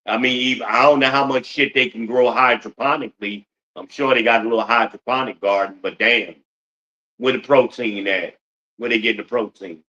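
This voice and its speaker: A man's voice: fairly low pitch, sharp tone, highs cut off. A middle-aged man hosting a podcast in a blunt, profane ranting monologue, full of rhetorical questions to his listeners. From United States. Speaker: podcast host.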